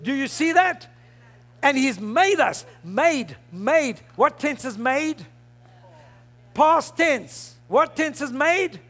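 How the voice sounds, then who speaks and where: High, bright-voiced fervent preacher man. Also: sing-song, slow. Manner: fervent preaching, bursts into shouts. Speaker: pastor. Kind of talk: sermon.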